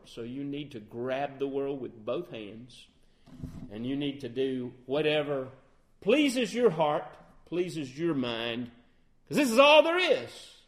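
A man preaching a sermon, quoting scripture and building in force as he goes. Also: medium pitch. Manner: earnest preaching that rises in force toward the close, with many scripture quotes.

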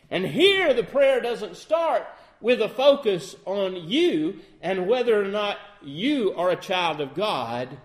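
A middle-aged man preaching a sermon in an earnest way, often asking his listeners questions and acting out sample phrasings. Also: a little high. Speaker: lay preacher.

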